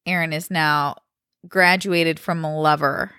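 A woman's voice: deep voice, takes it slowly, clean tone, no echo, studio quality. A young woman co-hosting a podcast, chatting casually and cracking jokes from her living room. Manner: animated, jokey, quips to her co-host. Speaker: podcast co-host. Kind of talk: casual chat.

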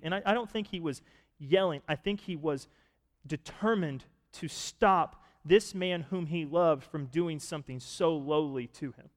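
A man preaching a sermon, retelling a story and asking listeners to picture it, rising to loud, emphatic points. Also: a little high, normal speed. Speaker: pastor. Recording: long reverb of a large hall.

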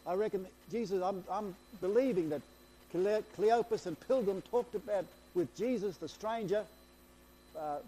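A man preaching a sermon, retelling scripture in an excitable, storytelling way, often repeating and restarting his phrases. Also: sits high, normal speed, slight background noise.

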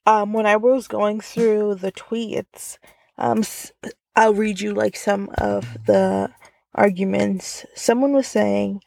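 A woman's voice: mid-range voice, flat delivery, takes it slowly, vocal fry, darkish tone. A woman hosting a casual solo podcast from inside her car, chatty and full of filler words. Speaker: podcast host.

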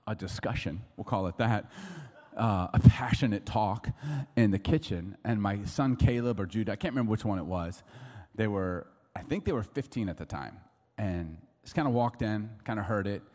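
Man, 40s, pastor mid-sermon: conversational, playful, swings his pitch a lot; reverberant sanctuary sound. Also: expressive, a little mellow. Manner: conversational and jokey, acting out quick voices.

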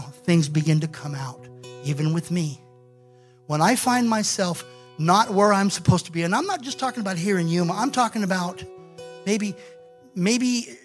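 A male pastor preaching a sermon, telling a scripture story in an animated way and acting out the quoted lines. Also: sits high.

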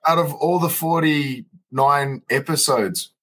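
A man hosting a podcast, talking earnestly and thoughtfully in casual chat, with halting restarts. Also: a little high, fairly bright tone.

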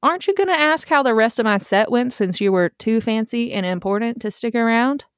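A woman voicing a blunt hometown man with a deep voice, slow and dismissive. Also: lively intonation, dry recording, studio quality, lightly acted.

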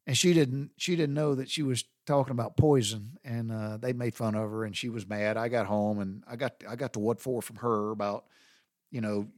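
A man's voice: mid-range voice, fairly even intonation, normal speed, dry recording, clean studio sound. A man in his fifties with a Southern American accent, hosting a podcast and telling rambling, folksy stories. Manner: rambling, drawling, swears casually. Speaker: podcast host. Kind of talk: folksy storytelling monologue.

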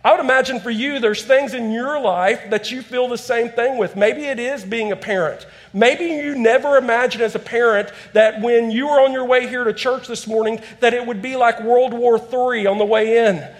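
A man's voice: extremely high pitch, moderate pace, hardly any pauses. A man in his thirties preaching a conversational sermon in a church, acting out quotes as he tells stories. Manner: storytelling with acted-out quotes, conversational. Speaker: pastor.

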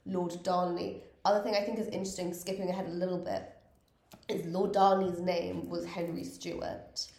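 A woman's voice: on the low side, level tone, normal speed, mellow. A woman co-hosting a casual history podcast, chatting loosely with many fillers and restarts. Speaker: podcast co-host. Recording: roomy echo.

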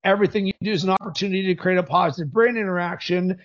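Upbeat, high-voiced male podcast host. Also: rapid-fire, muffled recording. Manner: upbeat, emphatic, coaching tone. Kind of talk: energetic podcast conversation.

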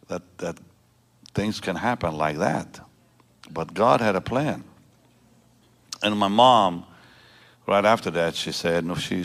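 A pastor in his seventies gives an emotional personal testimony to a church congregation, with halting restarts. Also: deep voice, gravelly, fairly bright tone. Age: 70s. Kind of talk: prayer and personal testimony sermon. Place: church service before a congregation.

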